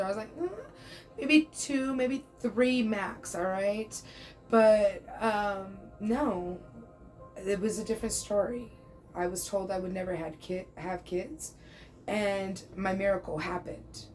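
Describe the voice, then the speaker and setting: In a rough recording, a tarot reader in her thirties speaks with a medium-pitched, darkish voice. Her casual reading is chatty and reassuring, with frequent check-ins and the odd "bro" aimed at the listener.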